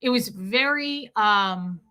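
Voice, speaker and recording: A woman runs a casual livestream, addressing her viewers directly and responding to their comments as they arrive. Her bright, forward voice sits a little high with lively intonation; she's chatty and emotional, often restarting sentences, and speaks slowly.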